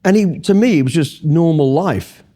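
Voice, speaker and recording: A man's voice: a little high, lively intonation, moderate pace, mellow. A middle-aged man from Britain, a former soldier telling blunt, profanity-filled anecdotes in a casual interview. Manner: blunt, heavy swearing, rambling anecdotes. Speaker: guest, former special forces soldier.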